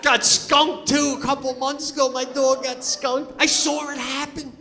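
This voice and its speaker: A man performing stand-up comedy on stage, telling stories in a loud, animated way and yelling his punchlines. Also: very high-pitched, measured pace, creaky, in a large hall. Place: comedy stage before a live audience.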